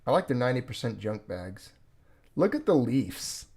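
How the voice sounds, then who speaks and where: Gravelly voiced guy chatting on his stream, rambly, lots of uhs. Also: mid-range voice, sing-song, normal speed, a little mellow. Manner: rambling, with fillers and restarts. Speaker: livestream host. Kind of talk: casual livestream chat.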